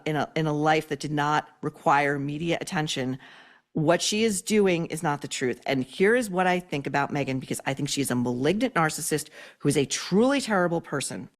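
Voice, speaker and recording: A woman giving blunt, scathing podcast commentary. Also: low-pitched.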